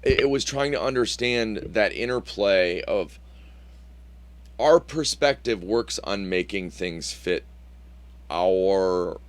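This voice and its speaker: A man with a very deep voice co-hosts a casual podcast, his pitch swinging widely as he jokes. He asks probing questions and lets his phrases sink into quiet mumbles. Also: expressive, slow pace. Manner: playful, questioning, drops to a mumble at phrase ends. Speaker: podcast co-host. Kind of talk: casual chat.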